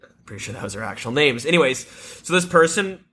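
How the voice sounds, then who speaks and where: Bright-voiced man telling a rambling story. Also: on the high side, very animated, fast. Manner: rambling, swears freely, laughs at own stories. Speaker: podcast co-host. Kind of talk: casual storytelling chat.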